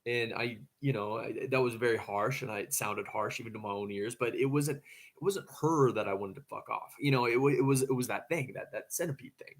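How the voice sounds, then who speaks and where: A man's voice: medium pitch, fairly quick. A man casually telling a story to camera, rambling, with frequent stammering restarts.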